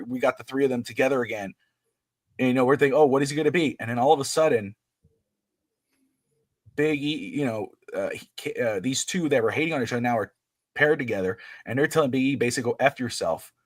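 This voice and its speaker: A man's voice: medium pitch, fast, no echo. A middle-aged man co-hosting a wrestling podcast in casual chat, rambling and restarting his sentences. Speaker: podcast co-host.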